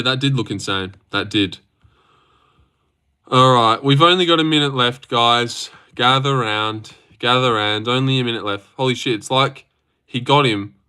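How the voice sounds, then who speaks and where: A young man hosting a casual livestream, reacting to fights in a loose, sweary, excitable way into a desk mic. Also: mid-range voice. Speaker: livestream host.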